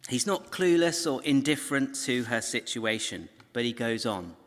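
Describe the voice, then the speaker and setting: A man's voice: mid-range voice, animated, moderate pace, fairly bright tone. A man giving a recorded Bible teaching talk, telling the story conversationally with asides to his viewers. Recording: long hall reverb.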